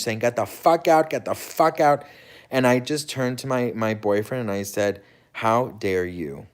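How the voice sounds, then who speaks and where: Animated man telling a story. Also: fairly low pitch. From United States. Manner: animated, dramatic retelling with quoted dialogue and swearing. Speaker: host. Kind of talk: casual storytelling.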